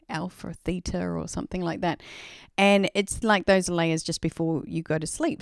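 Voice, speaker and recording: A woman's voice: lowish voice, darkish tone, no echo, clean studio sound. An Australian woman hosting a live stream, telling a story in a rambling, chatty way full of "like" and "you know.".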